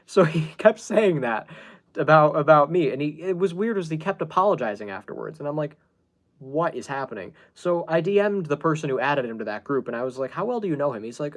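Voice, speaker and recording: A man hosting a podcast, telling a story in a casual, exasperated way, laughing often and swearing as he quotes the people involved. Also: on the high side. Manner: exasperated, laughing, swearing, quoting others in recounted dialogue. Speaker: podcast host.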